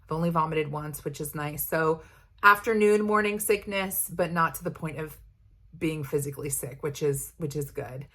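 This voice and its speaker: A woman's voice: sits low, moderate pace, a bit bright. A young woman vlogging in a candid, chatty way, talking straight to her viewers and rambling a little with fillers. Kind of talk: casual chat.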